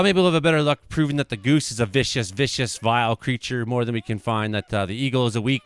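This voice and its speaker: Man, casual video commentary, excitable, profane, smooth resonant voice, dry sound. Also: mid-range voice, no room sound. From Canada.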